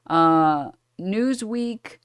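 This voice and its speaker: A woman's voice: medium pitch, lively intonation, extremely slow, clear, resonant tone. A woman streamer reading a news article aloud and breaking off with sarcastic asides and apologies for her misreadings.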